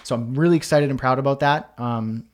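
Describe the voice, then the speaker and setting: A man's voice: mid-range voice, fairly quick, a little mellow. A man hosting a live online Q&A, reading out viewers' comments and answering in a casual, chatty way with many fillers and restarts. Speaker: host.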